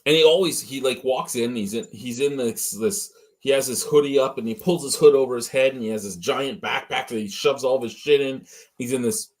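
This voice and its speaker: A man's voice: mid-range voice, brisk, darkish tone. A man co-hosting a casual beer review chat, ranting with lots of swearing and getting worked up. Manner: profane, ranting, gets worked up. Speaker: beer review show co-host.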